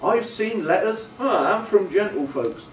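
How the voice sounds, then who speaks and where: A man voicing a kindly, simple village blacksmith who speaks in a slow, drawling country way. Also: high-pitched, lively intonation, a little hiss or hum, pitched above the performer's own voice. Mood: earnest, kindly. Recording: roomy, distant, faint ambience.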